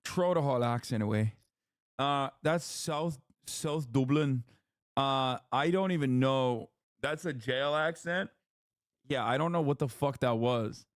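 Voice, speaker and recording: A man's voice: mid-range voice, no echo. Male streamer, blunt, swearing, joking, dry close sound. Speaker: streamer reacting to clips. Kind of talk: casual commentary.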